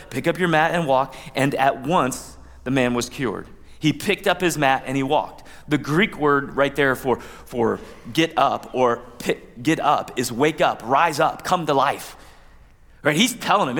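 A man's voice: medium pitch, fairly bright tone. A man pastor giving a conversational sermon, with asides and playful quoted voices. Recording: long hall reverb.

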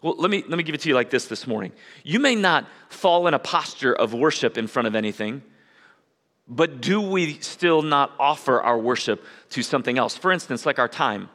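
Bright-voiced pastor preaching in a church hall. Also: male voice, mid-range voice, lively intonation, normal speed. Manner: emphatic, repetitive, conversational. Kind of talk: sermon. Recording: long church hall reverb.

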